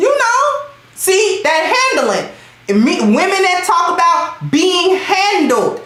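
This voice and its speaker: Loud high-pitched woman hosting a stream. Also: slow pace, very echoey, poor audio. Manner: emphatic, loud, slangy and animated; reads out and thanks chat commenters. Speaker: livestream host. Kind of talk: loud emphatic livestream commentary.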